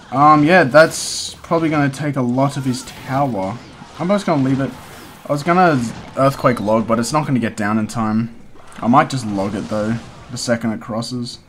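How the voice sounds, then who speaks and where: A man's voice: mid-range voice, a little hiss or hum. A young man giving casual live commentary on a mobile strategy game as he plays, talking to himself and breaking into frustrated outbursts. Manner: talks to himself while playing, quick swings into frustrated outbursts. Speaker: gaming content creator.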